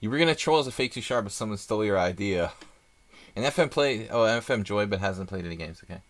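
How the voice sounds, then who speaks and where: A man's voice: fairly low pitch, expressive, fast. A man doing live chess stream commentary, chatty and thinking aloud with rambling asides.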